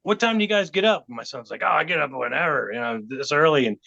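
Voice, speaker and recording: Middle-aged man, podcast guest storyteller; bright, slightly high voice, animated delivery, muffled lo-fi sound. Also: fast, creaky. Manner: animated, acts out quotes of others. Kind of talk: storytelling anecdote. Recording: dull lo-fi podcast audio.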